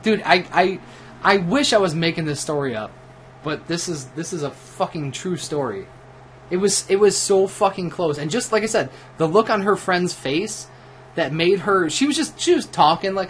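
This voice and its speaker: A man's voice: a little high, lively intonation, normal speed, fairly bright tone, slight background noise. Drunk, foul-mouthed man telling a story. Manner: profane, rambling, with restarts and laughs. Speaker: livestream host. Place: at home while gaming.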